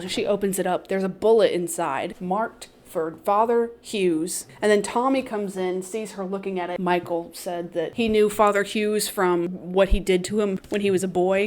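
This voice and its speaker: A young woman recapping a TV series in a chatty, animated way, swearing freely and laughing often. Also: mid-range voice. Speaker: recap vlogger. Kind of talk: casual recap with profanity.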